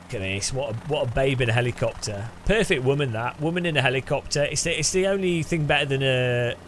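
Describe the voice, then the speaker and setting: Talking quickly in a mid-range, slightly bright voice, a gaming-channel host banters cheekily through his gameplay and keeps breaking into giggles. A little hiss or hum sits under the recording.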